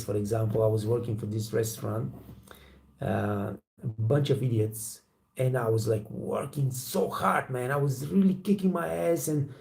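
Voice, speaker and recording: Gravelly blunt man. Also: medium pitch, dark tone. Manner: blunt, profane, storytelling with acted quotes. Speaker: waiter trainer and channel host. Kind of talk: casual motivational talk to camera.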